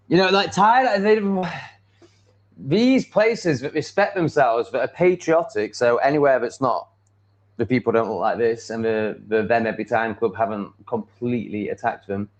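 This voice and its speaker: A man's voice: lowish voice, muffled recording. Rambling English man on a live stream. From England. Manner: swears freely, restarts sentences, laughs often. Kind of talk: rambling live-stream chat, reacting to comments.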